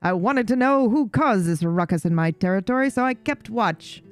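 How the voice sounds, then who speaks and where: A woman's voice: medium pitch, lively intonation, moderate pace, dry recording, soft background music, natural voice. A woman voicing a jaded, vain, regal male cat in a video game, with a posh mock-transatlantic drawl full of scorn. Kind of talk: reading game dialogue aloud.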